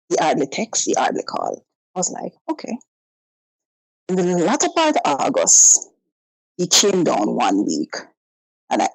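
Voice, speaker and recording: A woman's voice: sits low, creaky, darkish tone, slightly rough, no echo, poor audio. A woman, calling in and telling a personal story in a casual way, acting out both sides of the conversations. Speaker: caller.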